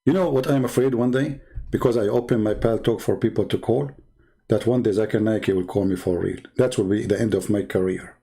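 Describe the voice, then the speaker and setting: A man's voice: fairly low pitch, fairly even intonation, warm tone. Sarcastic man hosting an online debate show. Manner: mocking, halting, full of fillers. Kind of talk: sarcastic monologue.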